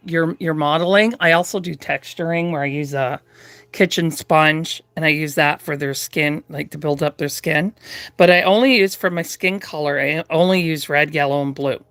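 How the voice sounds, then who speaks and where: A woman's voice: sits low, fairly even intonation, moderate pace, fairly bright tone, no room sound. A woman chatting through a live doll-painting tutorial from her craft room at home, rambling with lots of fillers and restarts. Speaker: reborn doll artist streaming live.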